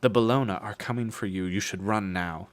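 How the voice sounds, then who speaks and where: A man's voice: lowish voice, fairly quick, close to an everyday voice. A man voicing a haughty, scheming noblewoman with a sly, taunting manner.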